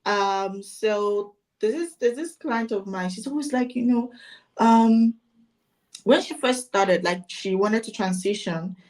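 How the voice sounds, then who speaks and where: A woman marketing coach telling client stories in casual, animated conversation. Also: mid-range voice, takes it slowly. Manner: animated storytelling, voices her clients.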